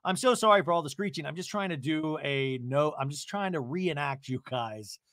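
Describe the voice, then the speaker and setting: Sarcastic male podcast host, animated and bright, dry close mic. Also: on the high side, moderate pace, no room sound. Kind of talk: comedic episode recap.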